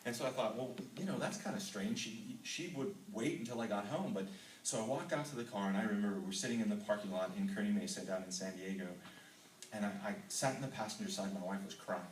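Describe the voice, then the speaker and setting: Reading scripture and then telling his personal story, a middle-aged Texan speaks fast and earnestly to a men's ministry group, often filling pauses with um. His pitch is fairly low. The hall sounds roomy, the mic is far away, and there's a little hiss or hum.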